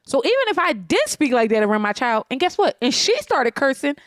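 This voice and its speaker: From her couch at home, a podcast co-host chats casually, ranting bluntly, profanely and emphatically. She has a high-pitched, very animated voice and a brisk pace, with no room sound.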